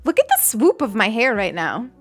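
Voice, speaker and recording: A woman's voice: fairly high pitch, wildly swooping pitch, moderate pace, faint music behind. A young adult woman streamer chatting casually and giggling as she thanks donors on a live stream.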